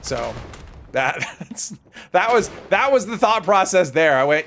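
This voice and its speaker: A man's voice: fairly high pitch, very animated, a little slow, a bit bright, slight background noise. A man streaming a game live, chatting casually while he plays and rambling through viewer comments with self-deprecating humor. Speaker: gaming livestreamer.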